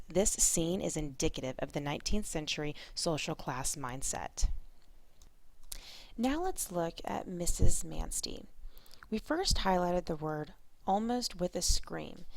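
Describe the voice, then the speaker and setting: A woman teacher walks through a reading lesson in a clear, methodical way. Her voice is low and gravelly, and the recording is close and dry. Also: no room sound.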